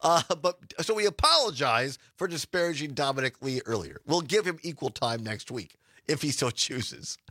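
A man's voice: mid-range voice, animated, moderate pace, sharp tone, dry recording, clean studio sound. A man hosting a casual radio talk show, chatty and laughing often as he reads promos.

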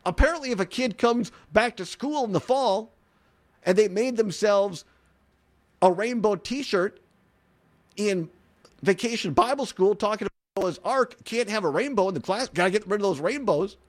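A man hosting an opinionated talk radio show from a studio, animated and mocking, laughing often. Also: sits high, normal speed.

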